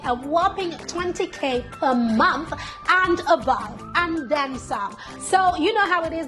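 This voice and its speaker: A woman hosting her own channel, talking to camera in a chatty, encouraging way and calling the viewer darling and girl. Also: high voice. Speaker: business coach and channel host. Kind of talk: upbeat talk to camera.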